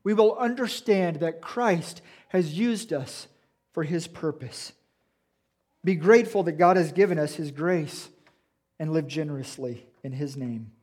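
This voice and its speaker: A man's voice: fairly high pitch, measured pace, darkish tone. A man preaching a sermon in a church, earnest and reflective, asking his listeners questions. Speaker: pastor.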